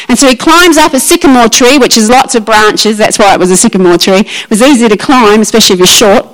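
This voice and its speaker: A woman preaching a lively, emphatic sermon and acting out Bible scenes. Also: a little high, brisk, low-quality recording.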